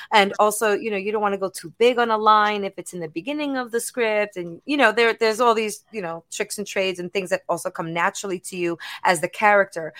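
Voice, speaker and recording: A woman in her thirties, a voice actor guest chatting in an animated way, laughing and acting out lines as she talks. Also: mid-range voice, no room sound. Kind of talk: casual interview chat.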